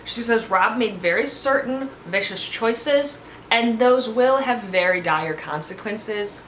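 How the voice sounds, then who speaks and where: A woman's voice: fairly high pitch, animated, takes it slowly, slight background noise. A woman giving a casual, opinionated recap of a reality show, blunt and sarcastic, swearing freely. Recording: echoey room.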